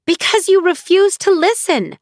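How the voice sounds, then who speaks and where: High fierce young noble girl pushing back hard, read by a woman, dry close sound. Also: lively intonation, normal speed, a bit bright, no room sound. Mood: indignant. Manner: heated, pleading protests. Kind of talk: audiobook character reading.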